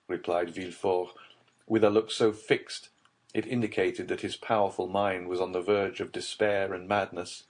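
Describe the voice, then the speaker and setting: A male audiobook narrator reading a classic novel in a measured, even storytelling manner. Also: sits low. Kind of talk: scripted literary narration.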